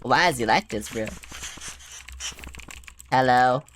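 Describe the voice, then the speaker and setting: A woman's voice: rumbling low, measured pace, a little hiss or hum. A woman streamer playing a game, making casual, joking remarks with swearing and laughing asides. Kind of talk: casual let's-play commentary.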